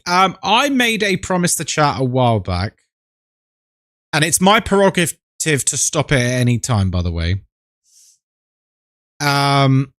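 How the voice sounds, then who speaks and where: A man's voice: on the high side, fairly bright tone, no echo, clean studio sound. A man hosting a live stream, greeting his viewers by name in a chatty, playful, affectionate way.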